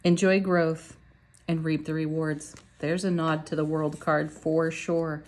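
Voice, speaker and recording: A woman's voice: low-pitched, little pitch movement, a little slow, a little mellow. Chatty woman giving a tarot reading. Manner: chatty and upbeat, laughs often, talks to viewers directly. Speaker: tarot reader. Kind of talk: casual tarot card reading.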